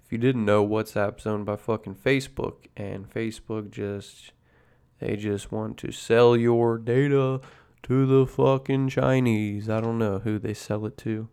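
A man's voice: lowish voice, darkish tone, clear, resonant tone. A man hosting a casual podcast chat, rambling in a laid-back way and swearing constantly over his coffee. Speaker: podcast host. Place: at home drinking coffee.

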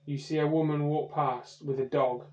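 A man running a comedy tabletop game podcast as game master, narrating scenes slowly and deliberately. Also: on the high side, steady tone, mellow, slight background noise. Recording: dull, echoey home-recorded podcast.

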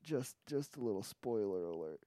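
A man's voice: on the low side, lively intonation, normal speed, warm tone, no echo, studio quality. A man co-hosting a podcast, chatting casually with crude jokes and rambling restarts. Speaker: podcast co-host. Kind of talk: casual chat. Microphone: studio podcast mic.

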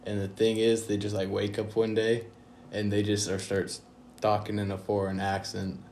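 A man's voice: fairly low pitch, completely flat delivery, normal speed, a little mellow, slight background noise. A young man hosting a casual podcast chat, laid-back and rambling, full of slang. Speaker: podcast host.

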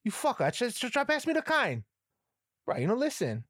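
A man puts on a blunt old grandmother, scolding in a high, strained voice that leaps up and down. The sound is dry and close. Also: wildly swooping pitch, fairly quick, no room sound.

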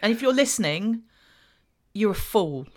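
A woman's voice: medium pitch, expressive, a little slow. A woman from southern England co-hosting a podcast, chatting casually with playful, self-mocking banter. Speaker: podcast co-host. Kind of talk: casual comedic chat.

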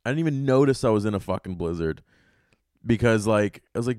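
A man's voice: on the low side, a little fast, no echo, clean studio sound. Profane rambling male podcast host. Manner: profane, rambling, animated storytelling. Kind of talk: casual monologue.

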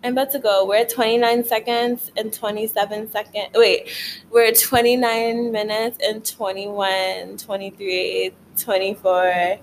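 This late-night bedroom vlog features a young woman chatting aimlessly, peppering her speech with swears and "like," sounding exhausted yet keyed up. Her medium-pitched voice barely moves in pitch and runs a little slow. A faint hiss or hum marks the low-quality audio.

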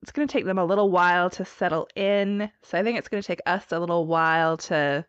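A woman co-hosting a podcast in casual chat, chatty and quick to laugh. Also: fairly low pitch, fairly even intonation, clean tone, no echo. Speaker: podcast co-host. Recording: dull, lo-fi dry recording.

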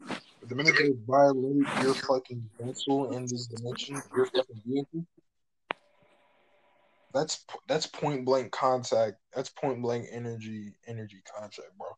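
A young man talking loosely and profanely in a casual chat. He rambles through his stories with lots of slang, and his voice sits at an ordinary middle pitch. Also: steady tone, normal speed, poor audio.

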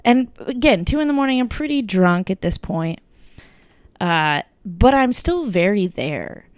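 A young woman telling a story in casual chat, full of "like" and "kinda", quoting people in lively bursts. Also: mid-range voice, a little slow, dry recording.

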